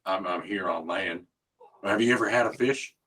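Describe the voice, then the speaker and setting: A man playing in a tabletop game, chatting casually with deadpan, blunt quips. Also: deep voice, normal speed, husky, poor audio. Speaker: player.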